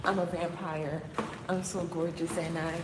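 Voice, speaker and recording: A young woman hosting a live stream on her phone talks in a low-pitched, level voice at a measured pace. She's slangy, chatty, and boastful, hyping herself up, with vehicle noise in the background.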